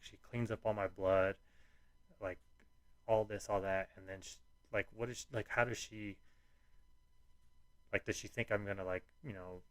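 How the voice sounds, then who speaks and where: Male podcast host, lowish voice, loose rambling storyteller who curses, dry room. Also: dry recording. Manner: rambling, frequent "like" and restarts, swearing.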